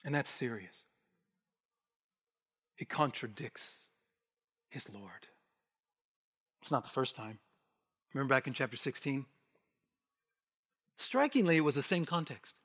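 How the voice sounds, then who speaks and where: A man preaching an expository sermon, emphatic, rising to forceful bursts and dropping to hushed asides. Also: medium pitch, expressive, a little slow, long pauses. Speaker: pastor. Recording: long hall reverb.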